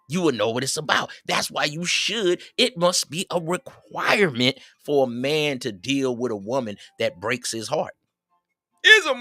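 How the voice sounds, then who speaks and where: Animated middle-aged man giving life advice. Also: on the high side, dry recording, clean studio sound. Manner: preachy, animated, quotes others in raised voices. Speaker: livestream host. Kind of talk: casual advice talk to viewers.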